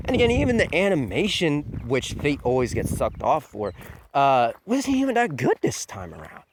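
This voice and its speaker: A man's voice: a little high, huge pitch swings, moderate pace, a little hiss or hum. A man giving a crude, mocking countdown rant as an anime reviewer, swearing often and sneering at fans. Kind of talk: ranting countdown commentary.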